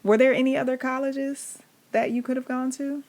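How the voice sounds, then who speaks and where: A woman's voice: high-pitched, little pitch movement, normal speed, darkish tone. A woman hosting a casual interview, listening closely and asking follow-up questions. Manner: attentive, with frequent affirming murmurs. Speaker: interviewer and host.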